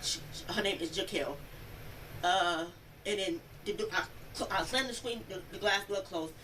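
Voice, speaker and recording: A young woman recounting an incident in an interview, telling it in a rambling, animated way and acting out the quoted speech. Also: mid-range voice, normal speed. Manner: animated storytelling, acts out quoted speech, many "like" fillers. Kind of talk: rambling first-person account. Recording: distant mic, noisy room audio.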